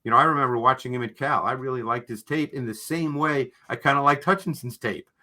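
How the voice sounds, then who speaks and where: Bright-voiced man breaking down football film. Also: mid-range voice, fast. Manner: emphatic, explanatory, tags points with "okay?". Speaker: football film analyst, co-host. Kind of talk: analytical sports discussion.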